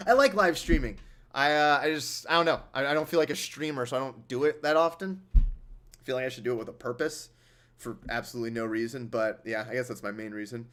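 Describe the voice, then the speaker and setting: A man's voice: medium pitch, fast, a bit bright. A man casually chatting on his livestream, reading out donation messages and laughing easily.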